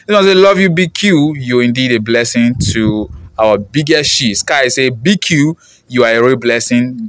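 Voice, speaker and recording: Excitable man, dry close sound. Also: mid-range voice, dry recording. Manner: excitable, laughs often, mixes in pidgin. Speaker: reaction channel host. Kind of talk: casual commentary reading viewer comments.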